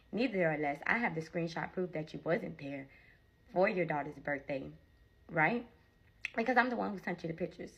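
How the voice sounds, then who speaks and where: Bright-voiced young woman telling a story. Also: sits low, gravelly, breathy edge, highs cut off. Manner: animated, chatty, often addresses viewers as y'all. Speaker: storytime creator. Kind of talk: casual storytime to followers.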